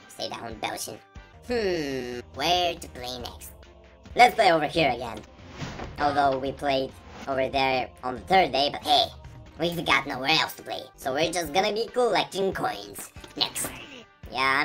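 Over game music, a woman commentates on gameplay in a playful, chatty way, teasing the characters as she goes. She has a deep, fairly bright voice with lively intonation and an unhurried delivery.

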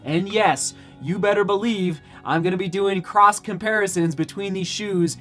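Excitable man vlogging about running. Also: high-pitched, normal speed, faint music behind. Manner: enthusiastic, exclamatory, repeats phrases for emphasis. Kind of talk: excited casual vlog.

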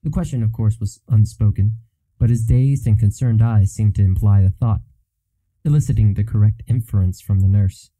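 Man, audiobook narration, fantasy novel, steady, low-pitched, dark-toned. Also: normal speed, dry recording, rough recording.

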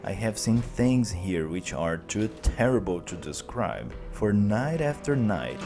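A man voicing an old female housekeeper who speaks quietly and gravely in a storybook reading. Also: lowish voice, sing-song, measured pace, music in the background. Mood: fearful.

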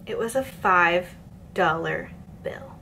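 A woman's voice: on the low side, slow pace, sharp tone, slight background noise. A woman in her twenties telling a work story, chatty and exasperated, with lots of fillers. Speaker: vlogger. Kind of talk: storytime rant.

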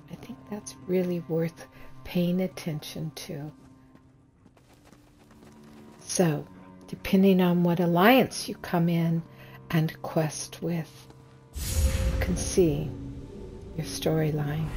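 Slow-talking woman game streamer. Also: on the low side, fairly even intonation, mellow, soft background music. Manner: unhurried, thinking aloud with fillers. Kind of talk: casual gameplay commentary.

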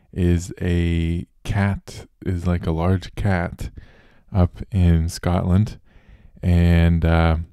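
A man's voice: low voice, mellow, smooth, no echo, studio quality. A man hosting a show alone, talking casually and loosely with fillers and restarts. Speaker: host. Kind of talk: casual solo podcast monologue.

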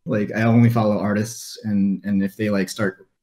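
A man's voice: on the low side, level tone, moderate pace, mellow. A man hosting a casual podcast chat, talking hesitantly with many restarts. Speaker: podcast host asking questions.

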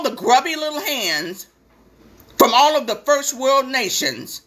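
A woman's voice: on the high side, animated, takes it slowly, pauses often, fairly bright tone. A woman hosting a live stream, delivering a blunt, profane and sarcastic impassioned rant.

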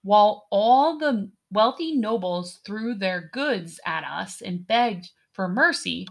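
An imperious pirate captain speaks in a slow, measured way that leaves room for every clipped command. A woman reading aloud gives her a medium-pitched voice, cool and in charge. It is a storybook audiobook voice. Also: expressive, gravelly, exaggerated voice. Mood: reflective. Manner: curt, imperious orders. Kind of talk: audiobook character voice.

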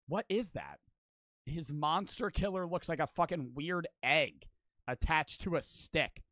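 Young man, streamer, reaction commentary, profane, joking, bright tone. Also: a little high, animated, measured pace, slight background noise. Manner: loud, profane, joking, bursts into shouts and laughs.

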